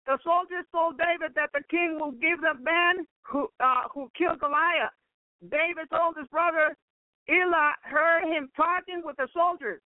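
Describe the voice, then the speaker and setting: Over a tinny phone-line radio broadcast with no echo, a preacher reads scripture and comments on it in an extremely high voice at moderate speed. He punctuates the readings with bursts of praise and laughs.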